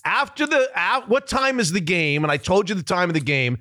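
A man hosting a sports podcast, telling a story in a casual, animated way and laughing at himself. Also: high-pitched, fairly quick, no room sound, studio quality. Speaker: sports radio host.

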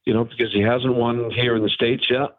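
A former pro golfer, a man, talking haltingly but frankly as a phone-in guest on a radio interview. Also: medium pitch, little pitch movement, dry recording. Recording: tinny phone line.

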